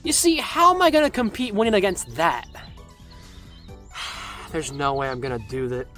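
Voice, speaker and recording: A man's voice: fairly high pitch, moderate pace, fairly bright tone, soft background music. A man doing exasperated, profane, self-mocking gaming commentary. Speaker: YouTuber playing a game.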